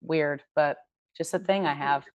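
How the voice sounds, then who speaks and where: A woman co-hosting a casual podcast chat who tells stories in an animated way, with quick asides. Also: deep voice, highs cut off, a little hiss or hum. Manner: animated storyteller, quick asides, laughs often. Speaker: podcast co-host.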